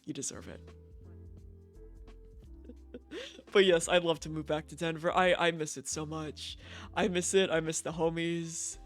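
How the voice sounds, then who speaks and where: A man's voice: on the high side, fairly even intonation, a little slow, long pauses, faint music behind. A young man streaming from home, chatting casually and swearing freely with frequent laughs. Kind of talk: casual live-stream chat.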